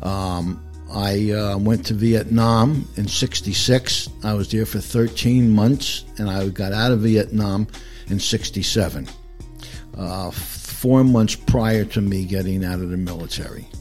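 A man's voice: on the low side, unhurried, darkish tone, soft background music. An older man from New Jersey with a Northern New Jersey accent, telling his story as an interview guest in a plain, matter-of-fact way. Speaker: guest, veteran. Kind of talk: casual interview.

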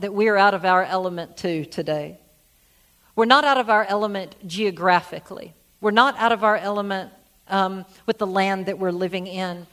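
A man's voice: high-pitched, fairly bright tone. Earnest man preaching a sermon. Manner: earnest storytelling, repeats phrases for emphasis. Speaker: senior pastor.

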